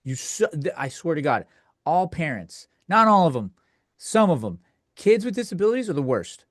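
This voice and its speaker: A man's voice: fairly high pitch, big pitch swings, normal speed, no echo. Profane ranting man, dry close mic. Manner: crude, profane, rambling with many restarts. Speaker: podcast host. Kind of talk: comedic rant.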